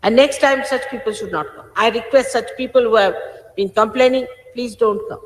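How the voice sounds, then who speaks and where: A woman's voice: fairly high pitch, brisk. A woman, a spiritual teacher, gives an informal, emphatic sermon, admonishing her followers. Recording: echoey hall with faint hiss.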